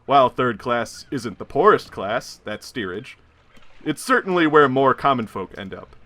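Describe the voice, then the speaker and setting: Bright-voiced man narrating as game master. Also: mid-range voice, lively intonation, normal speed. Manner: storytelling, with chuckles.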